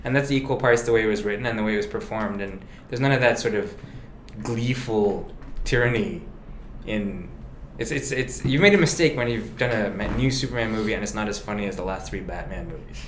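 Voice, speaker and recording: A man chatting casually as a guest, rambling eagerly about movies with quick laughs. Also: lowish voice, a little hiss or hum. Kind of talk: casual chat. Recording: roomy echo.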